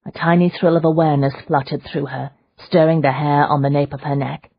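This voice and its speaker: A woman reads an audiobook with measured, even narration. Her voice is low and husky. The recording is dry and a little muffled. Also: no room sound. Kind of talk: scripted narration.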